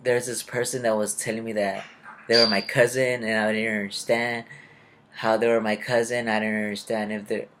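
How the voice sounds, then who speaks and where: A man's voice: on the low side, level tone, normal speed, a bit bright, a little hiss or hum. Rambling young man telling a story. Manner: rambling, confused, retells conversations in quotes. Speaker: vlogger. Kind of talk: casual storytelling.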